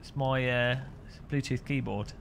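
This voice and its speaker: A man's voice: mid-range voice, steady tone, unhurried, gravelly, slight background noise. A man streaming sim racing, chatting and joking with viewers and often laughing. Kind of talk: casual live-stream commentary while sim racing.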